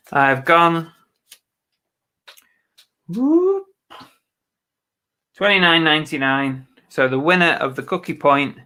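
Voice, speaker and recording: Slow-talking English man on a live stream. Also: fairly high pitch, bright, forceful tone, slight background noise, poor audio. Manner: chatty, blunt, swears casually, reads out viewer comments. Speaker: eBay reseller livestreaming. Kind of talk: casual live-stream chat while listing items.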